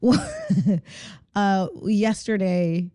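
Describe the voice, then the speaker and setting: A woman's voice: medium pitch, steady tone, drawn-out words, warm tone, no room sound, clean studio sound. A middle-aged woman, a podcast guest, chatting playfully with frequent laughs and filler words. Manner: playful, laughing, acts out her toddler's lines. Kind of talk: casual chat.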